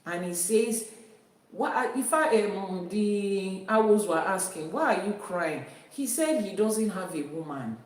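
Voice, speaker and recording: A woman's voice: mid-range voice, animated, slow. A woman teaching about Ifa spirituality in an emphatic way, repeating her key phrases. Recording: very echoey room, voice from a distance.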